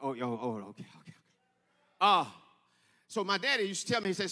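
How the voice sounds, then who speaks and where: High, bright preacher in echoing hall. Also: male voice, big pitch swings, fast. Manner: storytelling preacher, swelling into shouted sing-song peaks. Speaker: pastor. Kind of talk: sermon. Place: church sanctuary. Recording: echoey church hall.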